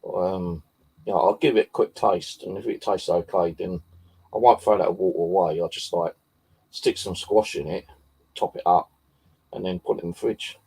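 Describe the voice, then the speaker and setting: A man's voice: low-pitched, steady tone, normal speed, darkish tone, breathy edge, low-quality recording. A man chatting casually to camera, rambling and swearing often. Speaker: vlogger.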